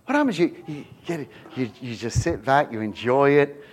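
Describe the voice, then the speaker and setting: A middle-aged man preaching a sermon, telling stories with lively swings from hushed to shouting. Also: medium pitch, normal speed, husky.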